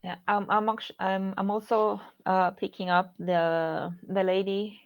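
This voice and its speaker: A woman giving a live spiritual reading as a guest, speaking hesitantly with many pauses and fillers. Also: mid-range voice, flat delivery, narrow, tinny audio. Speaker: guest medium.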